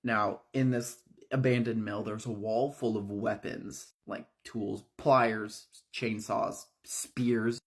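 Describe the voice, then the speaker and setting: A man's voice: on the low side, steady tone, slow pace, few pauses. A man casually retelling a horror story, in a loose, conversational way.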